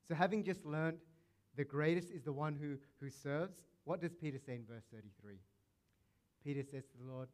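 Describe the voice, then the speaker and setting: A man's voice: a little high, normal speed, a little mellow. Man preaching a casual, playful sermon. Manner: conversational, playful preaching with acted quotes. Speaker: pastor.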